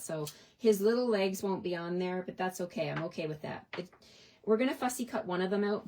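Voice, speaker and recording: A woman's voice: on the low side, a little mellow. A middle-aged woman in a casual, chatty craft tutorial, talking through her stamping steps at a desk and often asking "right?". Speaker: card-making demonstrator.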